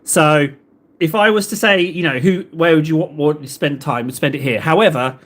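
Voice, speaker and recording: With a voice on the high side and a fairly bright tone, an English livestreamer in his thirties talks at a moderate pace while painting miniatures. His chat with viewers is loose, playful, and full of rhetorical questions.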